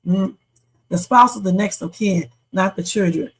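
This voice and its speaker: A woman's voice: medium pitch, moderate pace, breathy edge, low-quality recording. A middle-aged woman hosting a reaction livestream, giving blunt, emphatic commentary straight to her chat.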